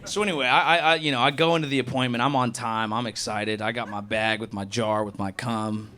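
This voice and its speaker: A young man doing a crude, animated stand-up set, acting out people with quick voices. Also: mid-range voice, a faint crowd. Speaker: stand-up comedian. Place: comedy club stage. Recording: live club recording with audience noise.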